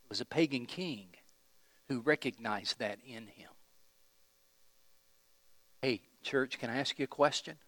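A man's voice: medium pitch, a little slow, pauses often, fairly bright tone, no room sound, big-room sound. A man pastor preaching a sermon, emphatic and putting questions to the congregation.

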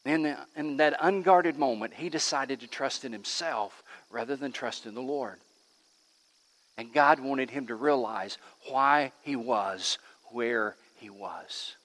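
A man preaching a sermon as pastor in a church, swinging between loud emphatic lines and hushed ones. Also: medium pitch, slow. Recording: long reverb of a large hall.

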